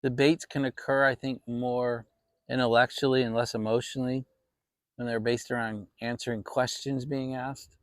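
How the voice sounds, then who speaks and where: A man's voice: mid-range voice, flat delivery, normal speed, no echo, studio quality. A man hosting a casual fireside chat vlog, talking in a rambling, reflective way with many restarts. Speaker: channel host.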